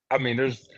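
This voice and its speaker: A man talking as a guest in a casual podcast conversation, a storyteller who keeps dropping "man" and "you know". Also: fairly bright tone. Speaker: guest, former player working with team alumni. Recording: dull lo-fi sound.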